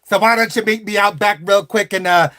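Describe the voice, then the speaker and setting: A raspy, chain-smoking diner waitress, as a man puts her on for a comic bit, syrupy and over-familiar as she leans in. The voice sits fairly high. She drawls her lines and calls everyone hon. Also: steady tone, brisk, sharp tone. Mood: flirty.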